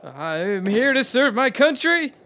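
An actor playing a nervous young army recruit who shouts his answers back at the sergeant. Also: sing-song, takes it slowly, a little hiss or hum, heavily acted. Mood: strained. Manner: strained, high shouted replies. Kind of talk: comedy sketch acting.

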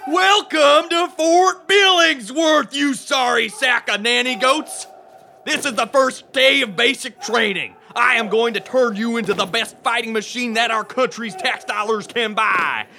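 A gravelly, foul-mouthed drill sergeant hurls insults in a high, piercing, forceful bark. He drags each line out slowly and leans into every shout. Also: a little hiss or hum, heavily acted. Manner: insulting, rapid-fire tirades. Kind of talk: comedy sketch acting.

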